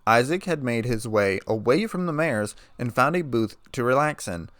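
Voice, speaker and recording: A man's voice: mid-range voice, animated, moderate pace, fairly bright tone, no room sound. Man reading a fan story, dry. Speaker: narrator.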